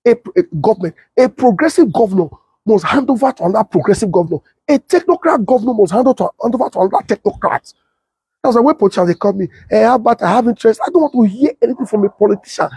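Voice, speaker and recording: Racing along in a heavy Pidgin accent, a middle-aged Nigerian man who comments on politics speaks in a high, husky voice. He's energetic and informal, repeating points and turning to question his viewers, and the sound is close and dry with no echo.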